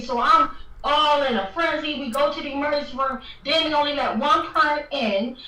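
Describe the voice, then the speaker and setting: A high, bright-voiced woman vents with fiery emphasis as she hosts a livestream. She sits back from the mic, and her voice rings in an echoey room. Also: moderate pace, far from the mic. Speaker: livestream host. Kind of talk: impassioned livestream talk.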